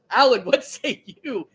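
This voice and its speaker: A man hosting a podcast, animated and laughing as he reads out topics. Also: extremely high pitch, breathy edge. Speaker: podcast host. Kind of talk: casual podcast chat.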